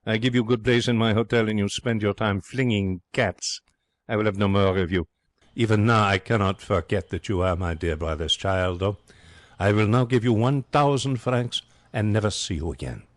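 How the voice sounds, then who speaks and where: A man's voice: lowish voice, no room sound, lightly acted. A man doing a hot-tempered old uncle. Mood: scolding. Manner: scolding, rapid. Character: hot-tempered older male hotel-owning uncle.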